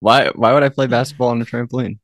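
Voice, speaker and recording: A man's voice: mid-range voice, fast, fairly bright tone, dry recording, studio quality. A man co-hosting a film podcast in casual chat, playful and rambling. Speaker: podcast co-host.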